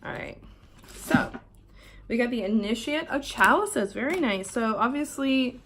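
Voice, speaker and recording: A young adult woman from Canada, chatting casually through a tarot deck unboxing in a hotel room, swearing offhandedly and drifting into soft asides. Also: fairly high pitch, expressive, measured pace, a little hiss or hum. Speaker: tarot vlogger. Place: hotel room while travelling.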